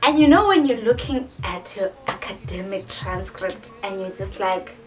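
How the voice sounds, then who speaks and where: A South African woman in her twenties, a vlogger telling a story in a casual, animated way with lots of "like". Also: medium pitch, moderate pace, hardly any pauses. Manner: animated, dramatic retelling with many filler likes. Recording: distant mic with faint music.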